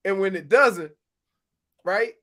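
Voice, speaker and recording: A man's voice: sits high, slow pace, a bit bright. A man co-hosting a sports radio show, joking around and laughing often. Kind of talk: casual sports radio chat. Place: radio studio.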